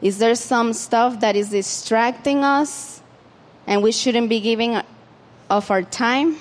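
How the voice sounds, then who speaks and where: A woman's voice: a little high, slow pace, in a large hall. Woman preaching in a chatty, informal way. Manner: conversational, with many fillers and restarts. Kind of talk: informal sermon.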